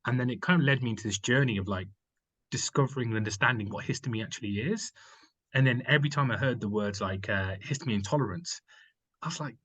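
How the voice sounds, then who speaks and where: A man's voice: medium pitch, quick pace, a bit bright, slightly rough, rough recording. A man from the United Kingdom, a company founder who is a guest, telling his story in casual conversation, rambling with many fillers and restarts.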